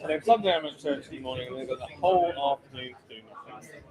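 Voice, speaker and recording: A man's voice: mid-range voice, fast. A man co-hosting a live stream, chatting casually and teasing his friend. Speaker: co-host streamer. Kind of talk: casual chat. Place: busy bar taproom. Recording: crowded bar chatter behind.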